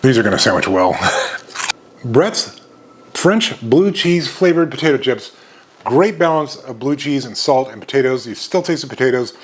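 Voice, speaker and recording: A man's voice: mid-range voice, animated, moderate pace. A man in his fifties from the United States hosting a casual chip review vlog in an upbeat, chatty way. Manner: upbeat, chatty, lots of happy exclamations. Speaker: snack review host.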